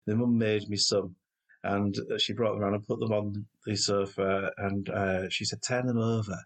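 A man who chats easily and tells anecdotes at a relaxed pace. His voice sits a little low. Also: normal speed. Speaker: podcast co-host. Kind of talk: casual chat.

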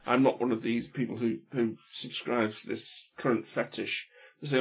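A man gives his opinions in a relaxed film chat, often tripping over his words and restarting. His voice is husky, and the recording sounds dull and lo-fi. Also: mid-range voice, normal speed. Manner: hesitant, many restarts, opinionated. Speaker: film podcast panelist. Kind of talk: casual chat.

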